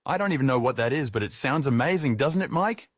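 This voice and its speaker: A man's voice: medium pitch, lively intonation, fast, dry recording, studio quality, voice pushed up, lightly acted. A man voicing a cheerful young female casino trainee who speaks broken English in an over-the-top, fake happy way. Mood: gushing.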